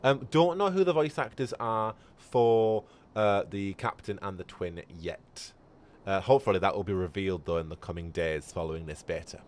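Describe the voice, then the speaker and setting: A man's voice: fairly low pitch, moderate pace, a little mellow. A man giving chatty live gameplay commentary and answering viewers as a streamer. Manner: chatty, reads chat aloud. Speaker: game streamer.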